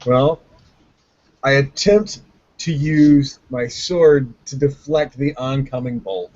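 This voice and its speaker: A man's voice: mid-range voice, slow pace, a little mellow. A man playing in a tabletop game, playful and full of rules questions. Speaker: player. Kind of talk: casual tabletop play. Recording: dull lo-fi recording.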